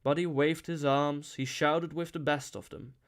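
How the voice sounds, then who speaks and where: Guy reading a novel aloud, dramatic and expressive, draws out his phrases. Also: on the high side, unhurried. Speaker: audiobook reader.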